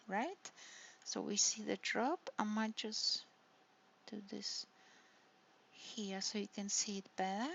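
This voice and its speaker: Speaking slowly with vocal fry and frequent pauses, a woman lecturer with a medium-pitched, fairly bright voice breaks down intonation step by step. She regularly checks in with "right?" and "hey?". This university online lecture was captured as a dull, lo-fi recording.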